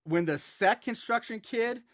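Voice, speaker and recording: A man's voice: very high voice, a little slow. A man co-hosting a casual film discussion podcast, chatty and rambling, laughing often. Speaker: podcast co-host.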